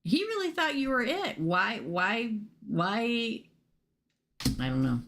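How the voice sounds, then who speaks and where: A woman's voice: on the high side, big pitch swings, slow pace, fairly bright tone. A woman doing a casual live tarot reading, naming cards and chatting with viewers about their questions. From United States. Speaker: tarot reader.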